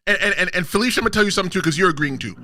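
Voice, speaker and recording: A man hosting a casual podcast, emphatic and quick to talk over others while reading the chat aloud. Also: sits high, bright, forceful tone, a little hiss or hum. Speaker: podcast host and wrestler.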